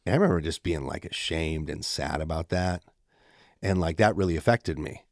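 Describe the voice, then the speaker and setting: A man's voice: rumbling low, moderate pace, a little mellow, no room sound, clean studio sound. A man co-hosting a faith podcast, speaking casually and animatedly, quoting others with feeling. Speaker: podcast co-host. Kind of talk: faith-based casual discussion.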